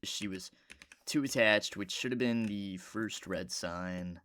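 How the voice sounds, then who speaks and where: A man telling a rambling, casual story while playing a video game, with sudden loud outbursts at the game. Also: lowish voice, slow, clean tone. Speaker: gaming YouTuber.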